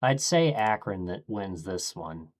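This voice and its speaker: Man, streamer, deep voice, unhurried, casual thinking aloud, low-key muttering. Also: big pitch swings.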